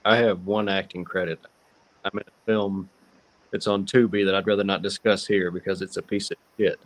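A man's voice: low voice, little pitch movement, normal speed. A man chatting as a podcast guest in a dry, blunt manner. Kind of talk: casual chat.

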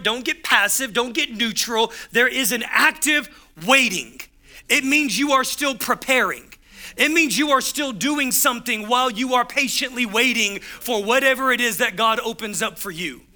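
A man's voice: extremely high pitch, normal speed, bright, forceful tone. A man preaching a sermon as pastor, driving home points with punchy repeated phrases and acting out the voices in his stories.

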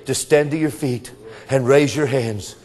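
A man preaching a revival sermon, swinging between shouting and hushed whispers. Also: mid-range voice, a little slow, long reverb tail. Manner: addresses congregation members as brother. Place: church.

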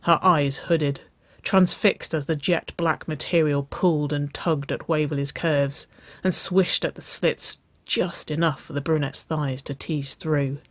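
A reader narrating a romance story in a slow, soft, intimate way. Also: mid-range voice, steady tone, dry recording. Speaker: audiobook reader.

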